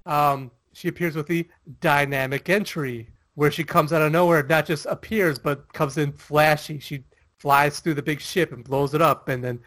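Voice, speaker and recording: A man's voice: fairly high pitch, fairly even intonation, normal speed, a bit bright, no echo. A man co-hosting a casual chat, rambling with lots of fillers and laughing often. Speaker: podcast co-host.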